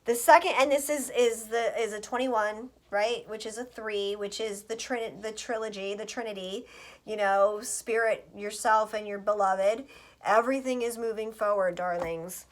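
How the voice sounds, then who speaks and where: A woman's voice: medium pitch, steady tone, normal speed. A woman giving a casual tarot reading for her viewers, chatty and scattered, swearing freely as she talks. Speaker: astrologer and tarot reader.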